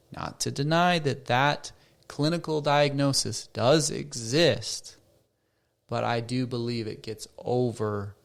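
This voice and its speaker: A middle-aged counselor hosts a solo podcast in a creaky, fairly bright mid-range voice. He talks conversationally, asks rhetorical questions and acts out the voices of people he quotes.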